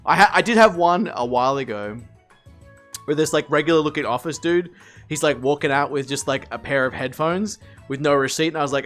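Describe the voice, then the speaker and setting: A man chatting casually with his stream, telling stories in a lively, swear-heavy way. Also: fairly high pitch, fairly quick, faint music behind. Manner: animated storyteller, swears freely. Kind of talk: casual live-stream chat.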